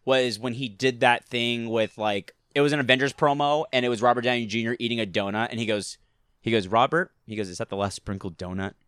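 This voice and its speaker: Male host, casual chat, animated storyteller, smooth dry voice. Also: medium pitch, brisk, no room sound. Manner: animated storyteller slipping into impressions.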